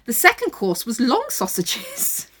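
Woman, casual podcast chat, giggly, stumbles over words, very lively pitch. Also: a little slow, heavy background noise. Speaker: podcast co-host reading a story aloud.

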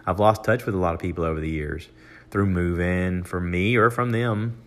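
An older American man hosting a podcast alone, talking casually with many fillers and restarts, and raising his voice when he acts out what other people said. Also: normal speed. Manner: acts out quoted voices in a raised pitch. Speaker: podcast host. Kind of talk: casual solo monologue.

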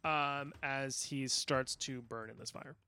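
A man's voice: mid-range voice, fairly even intonation, takes it slowly, bright, forceful tone, clean tone. A man narrating a tabletop game as game master, apologetic and full of fillers. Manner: apologetic, stumbling with many fillers.

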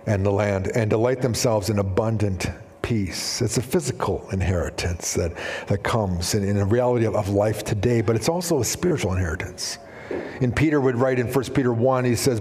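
A middle-aged man preaches from the pulpit in a church sanctuary, and his voice trails off into the long reverb of the hall. His pitch sits in an ordinary middle range. He tells his stories casually, with plenty of fillers, and voices the people he quotes. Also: darkish tone, slight background noise. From Canada. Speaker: pastor. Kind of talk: sermon.

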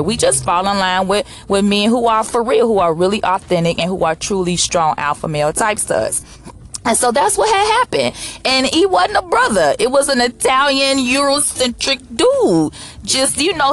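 A woman recaps a reality show in a chatty, animated way, acting out the cast's lines. Her pitch sits in a middle range. A faint background hum runs beneath her voice. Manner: animated, sassy storyteller acting out quotes. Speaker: reality TV commentator. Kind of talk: casual recap commentary.

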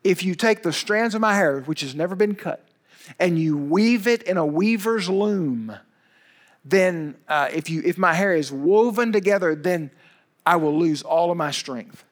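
A brawny young strongman brushing off questions with casual, made-up excuses, as a preacher acts him out in a sermon. he sounds offhand and easygoing, in a fairly high voice for a man. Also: lively intonation, measured pace. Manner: offhand, fibbing.

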